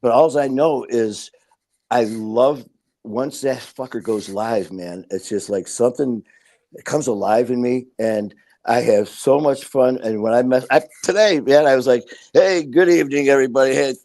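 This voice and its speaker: This middle-aged man speaks at an ordinary, mid-range pitch. He talks in a candid, rambling way, swears freely and acts out what people said to him as he tells his stories. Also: measured pace, mellow. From Detroit, Michigan. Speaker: podcast guest. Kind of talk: casual interview talk.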